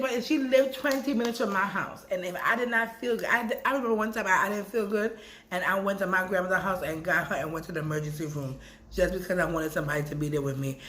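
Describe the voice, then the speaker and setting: A woman vlogger talking casually and emotionally, rambling, repeating words and swinging between soft and loud. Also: lowish voice, a little hiss or hum. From Brooklyn. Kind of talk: casual emotional vlog talk.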